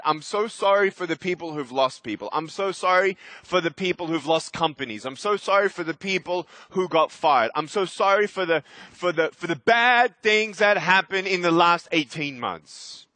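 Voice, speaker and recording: A man in his thirties giving a keynote as a motivational speaker, energetic and emphatic, with sudden loud bursts. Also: fairly high pitch, no echo. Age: 30s. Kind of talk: keynote speech.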